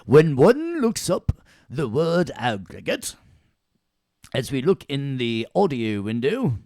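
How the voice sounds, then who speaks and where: A man doing a put-on British accent, playing a pompous lecturer in a stately, drawn-out way. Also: mid-range voice, big pitch swings, darkish tone, dry recording, clean studio sound, pitched above the performer's own voice.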